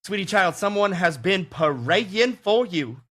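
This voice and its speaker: A woman's voice: lowish voice, expressive, slow, fairly bright tone, voice pushed up, exaggerated voice. A man voicing a kindly older woman working as an airline phone agent, sweet and doting.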